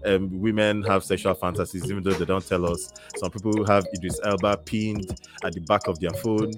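A man's voice: low voice, fairly even intonation, fairly quick, music in the background. A man hosting a live stream, chatting casually with jokes, teasing and repetition. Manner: joking, teasing, repeats himself.

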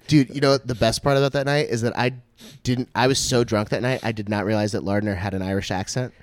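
A man's voice: lowish voice, fairly even intonation. A man co-hosting a comedy podcast, telling crude, rambling stories and often breaking into laughter. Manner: rambling, crude storytelling, quick bursts of laughter. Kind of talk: casual chat.

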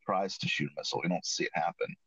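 A man's voice: deep voice, rapid-fire, gravelly, sharp tone, slightly rough, no echo. A man hosting a casual chat show, recapping an episode in a rambling way with many restarts and self-corrections. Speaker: podcast host recapping an episode. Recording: dull lo-fi dry recording.

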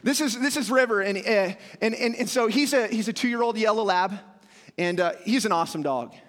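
A young man preaching a sermon, telling stories with lively acted-out shouts. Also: sits high, fairly quick. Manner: animated storytelling, acting out scenes with sudden loud shouts. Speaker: pastor. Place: church hall with a dog on stage. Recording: long hall reverb.

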